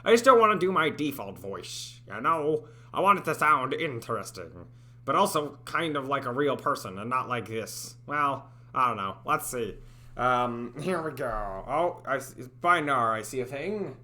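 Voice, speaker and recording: A man livestreams while making a game, chatting casually and rambling, second-guessing himself and laughing at his own attempts. His medium-pitched voice is animated and sharp-toned, running a little slow.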